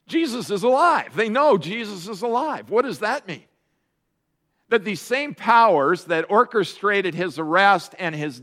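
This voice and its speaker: A man with a high voice preaches a sermon to his congregation. He tells the story in an animated way and steps into the voices of its people. He sounds middle-aged. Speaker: pastor.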